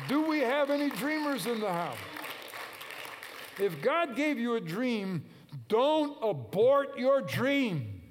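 A male preacher giving a sermon, emphatic and repetitive, calling out to the congregation and waiting for answers. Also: fairly high pitch. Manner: emphatic, repetitive exhortation with call-and-response.

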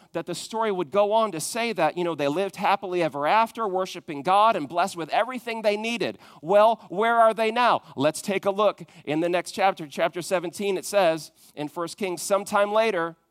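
Man, pastor, sermon; high-pitched voice, dry close recording, swings between loud emphasis and hushed lines, questions the congregation. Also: no room sound. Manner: dynamic preaching, rising to loud emphatic peaks and dropping to hushed tones; talks straight to the congregation with questions.

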